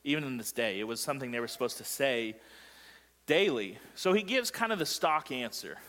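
A man's voice: mid-range voice, expressive, a little fast, a bit bright, in a large hall. A male pastor preaching a sermon in a joking way, quizzing the congregation as he goes. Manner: joking, asks the congregation questions. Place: church sanctuary.

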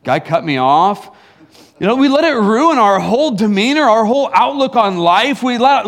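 A man with a notably high voice preaches in a loose, conversational way. He teases, restarts his sentences and drops in chuckling asides. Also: a bit bright. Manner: casual and teasing, many fillers and restarts, chuckling asides. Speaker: pastor. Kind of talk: conversational sermon.

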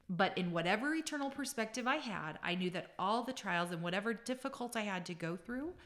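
A woman's voice: fairly low pitch, fairly bright tone. A woman guest telling a personal faith story, speaking in a reflective, sincere way and sometimes searching for words. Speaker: interview guest.

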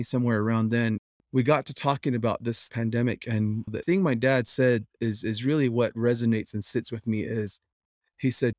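A middle-aged man shares family memories in a voice of ordinary pitch. He tells them with energy and slips into the voices of the people he quotes. The recording is close and dry, with no room sound. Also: dry recording. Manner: animated, quick to act out quoted voices. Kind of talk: personal storytelling.

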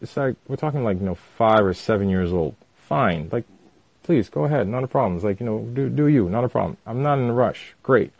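A man casually telling a personal story with animated retelling and lots of fillers. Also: medium pitch, fairly quick, vocal fry, no room sound.

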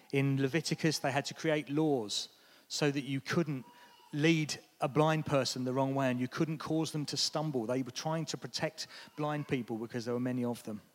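A British man preaching a sermon, telling stories with animation and acting out the lines he quotes. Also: mid-range voice. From Britain. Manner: animated storytelling, acts out quotes in raised voice. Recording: long hall reverb.

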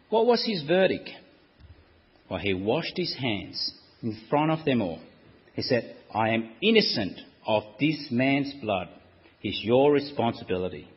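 A man preaching a sermon, telling the story dramatically and acting out the crowd's shouts. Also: medium pitch, husky, long reverb tail, lo-fi sound.

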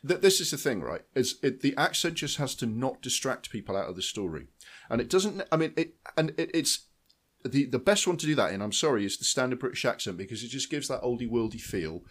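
A man's voice: medium pitch, sing-song, a little fast, a bit bright, slightly rough. A man co-hosting a film podcast, rambling and emphatic as he critiques a film. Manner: rambling, restarts, emphatic swearing. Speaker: podcast co-host. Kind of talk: casual film review chat.

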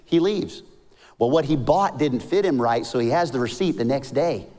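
A man, a pastor preaching a sermon in a lively, story-telling way. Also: normal speed. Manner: animated, rises to high emphatic peaks, tells jokes and stories. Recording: long hall reverb.

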